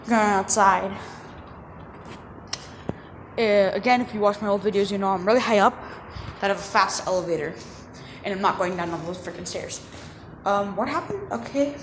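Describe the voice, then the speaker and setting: A woman's voice: mid-range voice, background noise. A woman vlogger rambling through a casual story with lots of fillers and self-corrections. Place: outdoors near home.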